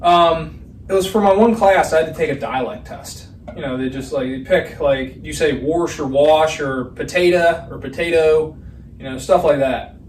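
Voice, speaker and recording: A man's voice: a little high, moderate pace. A young man, co-hosting a podcast in casual chat, telling rambling stories and swearing freely. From Pennsylvania, USA. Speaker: podcast co-host. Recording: roomy, distant mic, faint noise.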